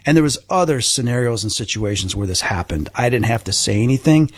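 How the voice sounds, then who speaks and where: A middle-aged man, a guest, recounting a personal experience in an animated, earnest way. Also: mid-range voice, brisk, husky, no room sound. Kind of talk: personal storytelling.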